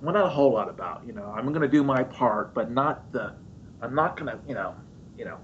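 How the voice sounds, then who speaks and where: A man preaches through a personal story, acting out each part with sudden high, excited voices. The recording sounds dull and lo-fi, with a faint rumble underneath. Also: fairly quick. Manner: animated storyteller acting out his own voice and others, high squeaky jumps. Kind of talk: sermon storytelling.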